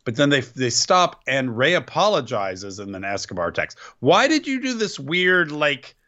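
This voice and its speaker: This man recaps wrestling in a loose, sarcastic podcast chat, his pitch swinging lively up and down. His tone is bright and forward. The audio sounds dull and lo-fi. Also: normal speed. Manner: sarcastic play-by-play recapping, quoting wrestlers in mock voices. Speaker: podcast co-host.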